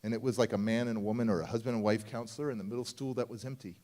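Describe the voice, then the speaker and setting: A middle-aged man giving a motivational keynote at a youth summit, telling his life story in a lively way and acting out his younger self. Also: fairly low pitch, rapid-fire. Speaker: motivational speaker. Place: conference stage before a live audience.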